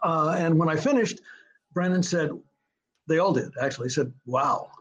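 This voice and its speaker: An older man, a screenwriter, is a guest in an interview of anecdotes, telling his stories ramblingly with many fillers and restarts and sometimes tapping out a rhythm aloud. His voice is on the high side at a normal speed, and the recording sounds dull and lo-fi.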